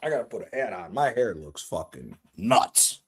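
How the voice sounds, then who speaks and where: A man streaming a live reaction to a football match, excitable and profane, trash-talking the players. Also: lowish voice, normal speed, breathy edge. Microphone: streaming mic.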